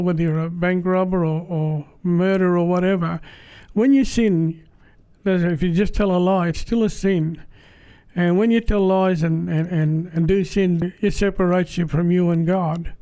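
High-voiced Australian man, plain-spoken. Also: mellow, clear, resonant tone. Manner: plain-spoken, halting, earnest. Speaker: speaker giving a church testimony. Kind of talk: personal testimony.

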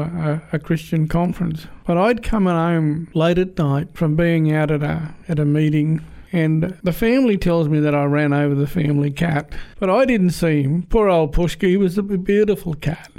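A man's voice: on the high side, a little mellow. A middle-aged man telling a homely family story in a casual, rambling way, often restarting his sentences. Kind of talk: casual spoken anecdote.

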